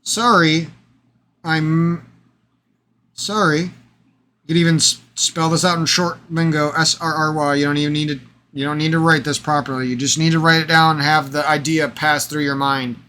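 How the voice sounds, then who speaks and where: A man in a rambling, profane vlog monologue, with repeated phrases and a slightly hoarse voice. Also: fairly high pitch, flat delivery, fairly quick, pushed and bright, a little hiss or hum. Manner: profane, emphatic, repetitive, rambling. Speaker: vlogger. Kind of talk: unscripted ranting vlog monologue.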